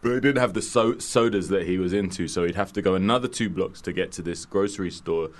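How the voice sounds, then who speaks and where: Low-voiced man, animated storyteller. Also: fast. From London. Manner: lively storyteller, laughs often, voices bursts of excitement. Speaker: radio co-host. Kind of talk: casual radio banter. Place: radio studio.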